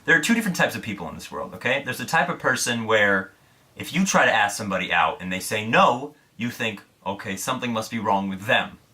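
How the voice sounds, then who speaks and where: A young vlogger from Indiana with a low, bright, forceful voice, chatting to camera. He tells his story candidly and pokes fun at himself, cursing as he goes. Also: lively intonation, a little fast. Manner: candid, self-deprecating, swears freely.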